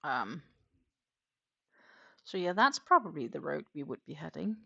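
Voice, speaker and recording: A woman hosting a crochet livestream, chatting in a relaxed, rambling way while she works. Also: low voice, unhurried, creaky, muffled recording. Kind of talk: casual livestream chat.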